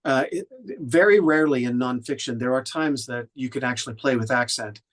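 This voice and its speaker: This Oklahoma, USA, audiobook narrator and director speaks briskly at medium pitch. He's giving conversational feedback, thoughtful in tone, with lots of restarts and filler words.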